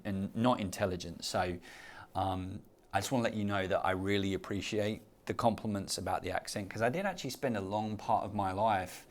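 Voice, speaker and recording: A middle-aged man from Southeast London with a softened London accent, chatting casually and self-deprecatingly as a podcast guest. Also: on the low side, a little hiss or hum. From Southeast London, England. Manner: self-deprecating, animated storyteller.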